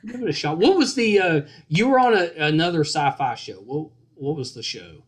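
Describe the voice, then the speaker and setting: A man's voice: on the high side, animated, normal speed. Jokey rambling male podcast host. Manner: jokey, rambling, restarts and self-deprecating asides. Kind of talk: casual interview chat.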